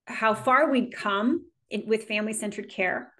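A woman guest who works as a neonatal nurse, speaking earnestly in relaxed conversation, often restarting her phrases. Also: mid-range voice, measured pace. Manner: earnest, with frequent restarts and small laughs. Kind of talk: casual reflective conversation.

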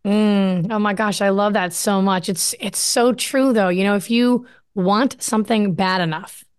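A woman's voice: medium pitch, fairly even intonation, a little slow, clean tone, no room sound, studio quality. A woman hosting a podcast, responding enthusiastically and affirming her guest. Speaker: podcast host. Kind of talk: supportive interview chat.

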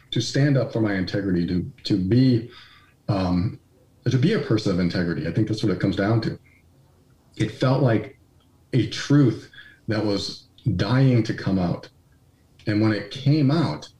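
Man, interview guest, lowish voice, candid storytelling, self-deprecating, echoey room sound. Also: darkish tone. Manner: candid, self-deprecating, acts out quoted dialogue. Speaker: podcast guest. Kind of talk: conversational storytelling. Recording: roomy echoey recording.

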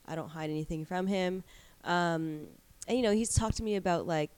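A woman's voice: lowish voice, moderate pace, a little mellow, clear, resonant tone. A woman in her thirties in a casual chat as a guest, telling stories with lots of likes and you-knows. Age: 30s. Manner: chatty storyteller, many likes and you-knows.

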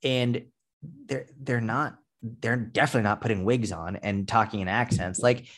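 A man's voice: on the low side, steady tone, normal speed, a bit bright. A man in his thirties, a fitness coach guest on a podcast, talking casually and with animation, swearing freely and filling with "like". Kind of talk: casual interview chat.

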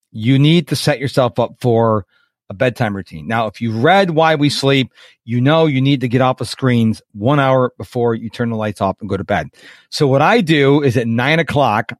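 A man hosting a live webinar as a coach, chatty and lively, acting out quotes and checking in with his listeners. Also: mid-range voice, no echo, clean studio sound. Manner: chatty, animated, acts out quotes and checks in with "okay?".

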